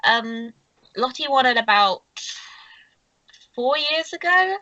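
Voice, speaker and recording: A woman's voice: high voice, expressive, slow, bright, forceful tone, dry recording, lo-fi sound, voice pushed up, heavily acted. A woman voicing a friendly, gossipy young woman who chats with light hesitation. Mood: chatty.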